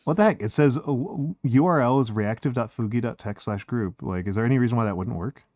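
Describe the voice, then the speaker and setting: A male streamer host chats casually and hesitantly, restarting often and using lots of fillers. He talks fast in a warm, medium-pitched voice with no echo.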